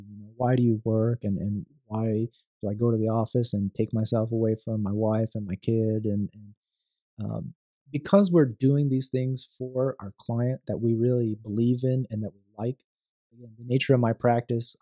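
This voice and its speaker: A man, a real estate attorney and podcast guest, speaking in a measured, thoughtful way with frequent restarts in a conversational interview. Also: mid-range voice, warm tone, dry recording, clean studio sound.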